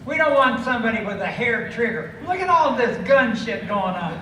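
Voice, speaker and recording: An American man performing a live stand-up routine, drawing out his words and breaking into shouts. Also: very high-pitched, animated. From United States. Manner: drawn-out, emphatic delivery, bursts of shouting. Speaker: stand-up comedian. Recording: echoey venue, mic from a distance, ambient noise.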